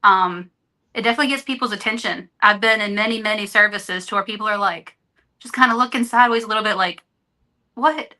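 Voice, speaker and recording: A woman's voice: medium pitch, quick pace, pushed and bright. A woman guest on a podcast, speaking earnestly and openly in candid conversation. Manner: earnest, openhearted storytelling. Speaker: interview guest.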